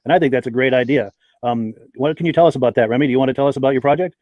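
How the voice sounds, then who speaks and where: A man's voice: medium pitch, rapid-fire, dry recording, highs cut off. A man hosting a live podcast, chatting and reading out viewers' names and hometowns. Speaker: podcast host. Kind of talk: live-stream podcast chat.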